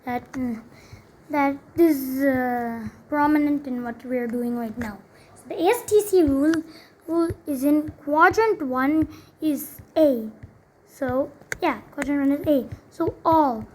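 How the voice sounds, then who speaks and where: A woman's voice: high voice, expressive, a little slow, a little mellow, slight background noise. A young woman tutoring math in a casual, chatty way, full of fillers and self-corrections. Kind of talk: casual explaining while writing.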